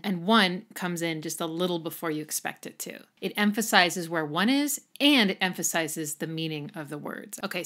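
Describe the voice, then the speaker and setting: Lively woman explaining music theory. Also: lowish voice. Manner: lively, counts beats aloud and sings snippets. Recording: music playing behind the voice.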